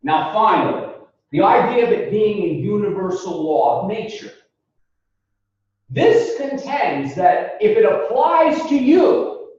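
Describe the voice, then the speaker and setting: A man lecturing a philosophy class, deliberate and explanatory, calling the students folks and quizzing them as he goes. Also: high-pitched, a little mellow. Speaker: philosophy instructor. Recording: echoey classroom recorded from far off, dull lo-fi sound.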